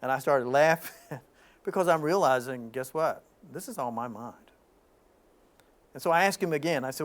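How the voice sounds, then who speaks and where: Guy with a bit of a high voice telling a dream story, restarts his sentences a lot. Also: normal speed. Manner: animated storytelling, frequent restarts. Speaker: spiritual talk host. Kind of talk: informal spiritual talk.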